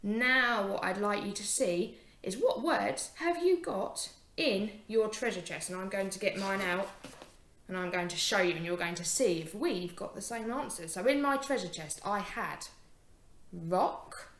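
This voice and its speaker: A young woman teacher giving a phonics lesson to young children, encouraging and sounding out words slowly. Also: medium pitch, expressive, fairly bright tone, roomy sound.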